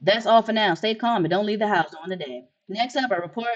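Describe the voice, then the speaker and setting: A woman's voice: medium pitch, fast, muffled recording, lightly acted. A woman reading a game's news bulletin aloud as a formal news anchor.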